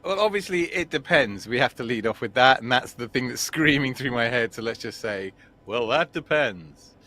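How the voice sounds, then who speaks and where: A man's voice: mid-range voice, animated, fairly quick, pushed and bright. A man appearing as the regular expert guest on a casual live Q&A stream, joking and thinking aloud, hedging as he goes.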